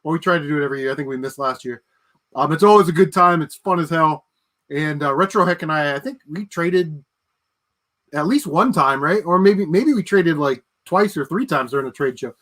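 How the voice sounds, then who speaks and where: A man's voice: fairly high pitch, fairly quick, a bit bright. A man hosting a casual livestream, chatting with viewers and ranting with plenty of swearing and laughter. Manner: ranting, profane, laughs at his own jokes. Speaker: livestream host.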